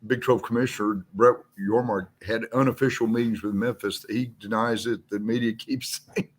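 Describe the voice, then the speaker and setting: A man with a fairly low voice chats loosely as a guest on a sports radio roundtable. He breaks up his points with small chuckling asides. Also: fairly even intonation, moderate pace. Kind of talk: casual radio roundtable chat.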